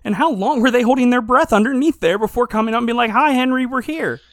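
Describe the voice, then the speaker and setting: A man hosting a podcast, telling stories in a casual comedic chat with animated, rambling energy. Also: very high voice, fast, no echo, studio quality. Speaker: podcast host.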